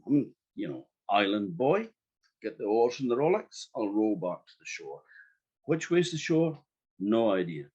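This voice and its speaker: At an evening storytelling event, an Orcadian-accented man from Orkney tells a folktale in the first person, lively and conversational with wry asides to the audience. His voice is on the low side and slightly rough, captured in a dull lo-fi recording.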